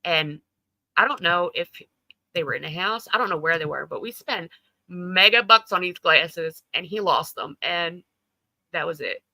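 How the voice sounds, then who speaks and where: A woman's voice: lowish voice, normal speed, sharp tone, no echo, rough recording. A woman hosting a casual livestream chat, talking loosely, laughing often and swearing freely. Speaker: livestream host.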